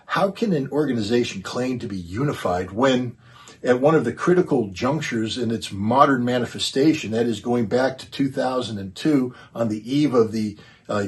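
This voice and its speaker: An American man speaking as a conference panelist, delivering an emphatic political talk with rhetorical questions and frequent fillers and restarts. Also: medium pitch.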